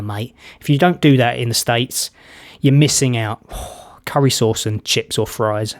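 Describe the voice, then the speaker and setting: A man's voice: medium pitch, slow pace, faint music behind. A British man hosting a reaction video, chatting casually with blunt opinions and rambling anecdotes. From Britain.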